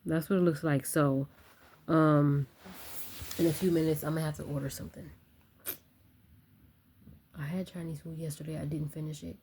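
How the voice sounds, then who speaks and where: A woman's voice: sits low, fairly even intonation, normal speed, long pauses, warm tone, slight background noise. A young woman chatting casually to her phone camera at home, rambling and talking straight to her viewers. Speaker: vlogger.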